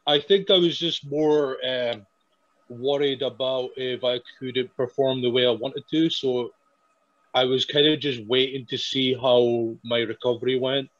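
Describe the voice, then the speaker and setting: A man's voice: mid-range voice, steady tone, measured pace, fairly bright tone, no echo, dull audio. A young man from Scotland, a wrestler, telling a story in an interview with many fillers and restarts. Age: young adult. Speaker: wrestler guest.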